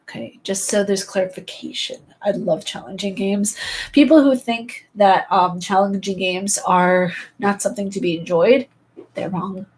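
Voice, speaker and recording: A woman's voice: mid-range voice, moderate pace, a little mellow, poor audio. Chatty playful woman streamer. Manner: playful, chatty, jumps between topics. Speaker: gaming streamer. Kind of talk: casual chat with live viewers.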